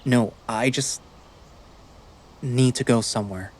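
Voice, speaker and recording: A man's voice: medium pitch, takes it slowly. A man voicing a guarded, troubled young man. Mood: curt, defensive. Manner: curt, defensive, swearing. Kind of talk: visual novel reading.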